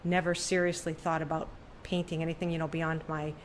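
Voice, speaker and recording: Middle-aged woman telling a lively story. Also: fairly quick, slight background noise. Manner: animated, acts out quoted voices with big pitch jumps. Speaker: podcast guest, artist. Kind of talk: storytelling in conversation. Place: room with her paintings on the walls.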